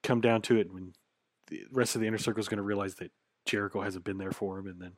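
A man's voice: fairly low pitch, fairly even intonation, racing, no echo. A man co-hosting a podcast, chatting casually and easygoingly about wrestling with a ready laugh. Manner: easygoing, laughs often, many fillers. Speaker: podcast co-host.

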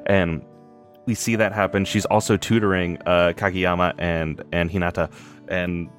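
A man with a very deep voice chats on a podcast, rambling and restarting as he goes. Faint music plays softly behind him. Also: flat delivery, normal speed. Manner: rambling, laughing, many restarts. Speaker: podcast co-host. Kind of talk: casual podcast chat.

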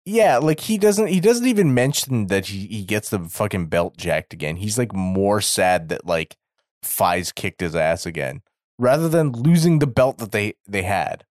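Lively low-voiced male podcast co-host. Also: unhurried, no echo, clean studio sound. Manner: animated, swings his pitch up when mimicking characters. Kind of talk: casual chat recapping a show. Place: Japan.

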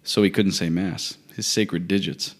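A man's voice: low voice, a little slow. A man in his thirties, co-hosting a casual chat and telling stories with jokes. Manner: joking, animated storyteller. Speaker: co-host.

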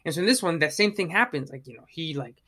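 Podcast co-host, casual review chat; animated and profane, bright tone, mid pitch. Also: fast talker. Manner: animated, swears, acts out own reactions.

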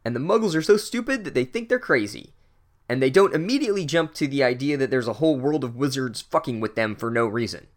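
A man putting on a high, mocking voice for a grumbling middle-aged wizard dad. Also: animated, quick pace, close to an everyday voice. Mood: scoffing.

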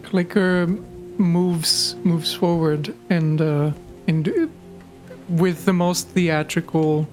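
Low-voiced woman as a player, slow and halting delivery. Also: fairly even intonation, darkish tone, soft background music. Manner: halting, with fillers. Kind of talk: describing her character's actions.

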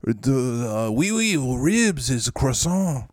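A man's voice: medium pitch, takes it slowly, mellow, no room sound, studio quality, natural voice. A man voicing a whiny, injured male football player with a mock French accent, groaning about his sore ribs. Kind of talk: comic podcast skit.

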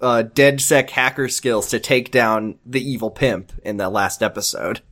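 A man's voice: medium pitch, steady tone, unhurried, fairly bright tone. A man co-hosting a podcast, recapping a show in casual chat with sarcastic jokes and frequent laughs. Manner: joking, sarcastic, laughs often. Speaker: podcast co-host.

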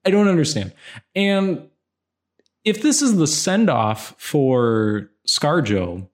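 A man's voice: a little high, expressive, takes it slowly. A man co-hosting a casual film chat, sarcastic and ranting, his voice jumping up when annoyed. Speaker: podcast co-host.

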